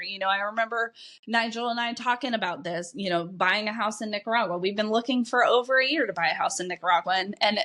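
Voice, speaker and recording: A woman's voice: fairly high pitch, sharp tone. A woman life coach hosting her own podcast, talking candidly and informally, swearing freely and dropping lots of "like" and "right?" asides. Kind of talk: candid solo podcast monologue.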